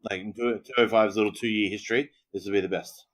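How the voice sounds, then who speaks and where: Aussie male co-host, lower register, casual and agreeable, filler-heavy speech. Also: fairly even intonation, quick pace. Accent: Australian. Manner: agreeable, lots of yeahs and ums. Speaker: podcast co-host. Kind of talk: casual wrestling recap chat.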